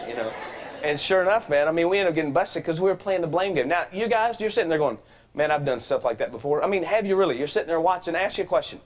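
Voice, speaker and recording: A man hosting a talk show, telling a story in a lively, folksy way and acting out the quotes in different voices. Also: quick pace. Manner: animated, folksy, acts out quotes with shifting pitch. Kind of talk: energetic storytelling monologue. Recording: dull lo-fi TV sound.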